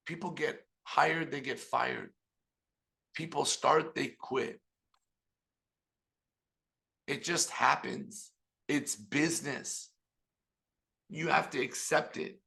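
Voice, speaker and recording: A middle-aged man giving an animated motivational business talk on a video call, telling stories and speaking to the audience directly. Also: on the high side, slow pace, gravelly, pauses often. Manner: animated storytelling with audience asides. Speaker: business trainer.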